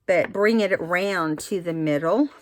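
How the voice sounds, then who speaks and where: A woman's voice: on the low side, measured pace, no echo, clean studio sound. Chatty woman teaching a card craft. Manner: chatty, explains step by step with fillers. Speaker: craft instructor. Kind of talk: casual craft tutorial.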